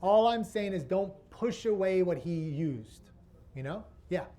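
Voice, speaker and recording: A man's voice: sits high, lively intonation, unhurried, dark tone. A man presenting a workshop to an audience, asking rhetorical questions as he teaches. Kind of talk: interactive teaching talk.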